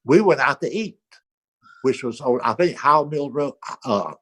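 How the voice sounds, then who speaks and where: An older man tells a story with a husky, breathy voice, and his pitch swings widely as he goes. He acts out the people in it, on a video call. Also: expressive, moderate pace, a bit bright. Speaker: comedy panel guest. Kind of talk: casual anecdote.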